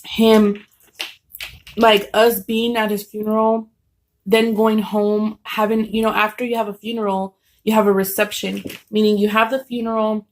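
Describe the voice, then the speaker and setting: A woman's voice: medium pitch, level tone, normal speed. A woman telling a story casually at home, rambling with many fillers and restarts. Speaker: vlogger telling a story while eating.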